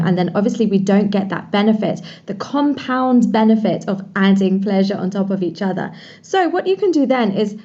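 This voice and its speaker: Mellow-voiced woman, podcast guest. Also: medium pitch, animated, normal speed, hardly any pauses, muffled recording. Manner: enthusiastic, talks in long flowing runs with many "like"s. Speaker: podcast guest, pleasure coach. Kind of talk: casual podcast interview.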